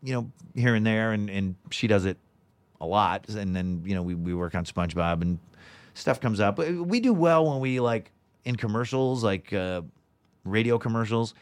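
A man in his forties chats loosely as a guest voice actor, looping through fillers and false starts. His voice sits a bit low, and his delivery is relaxed and meandering. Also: moderate pace, no room sound. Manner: rambling, with many fillers and restarts. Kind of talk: casual interview chat.

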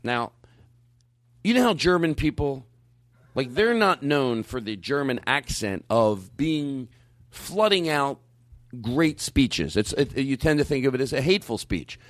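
A man's voice: medium pitch, big pitch swings, measured pace, dry recording, studio quality. A man hosting a comedy show, brash and cursing in loose, stop-start banter. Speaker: comedy podcast host.

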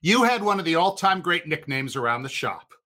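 A man's voice: fairly high pitch, big pitch swings, a little fast, pushed and bright. A man calling in as a former colleague, laughing and asking a question. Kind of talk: casual chat.

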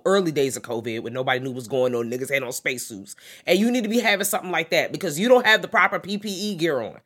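A woman's voice: low voice, expressive, quick pace, fairly bright tone. A woman co-hosting a podcast, chatting casually and profanely about a horror movie and acting out the characters' lines. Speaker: podcast co-host. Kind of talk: casual movie-review chat.

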